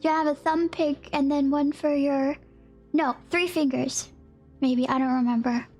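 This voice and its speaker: Bubbly high-voiced woman livestreamer. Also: steady tone, measured pace, darkish tone, soft background music. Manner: bubbly, gasping and giggling, greeting chatters with howdy. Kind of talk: casual livestream chat, reading chat.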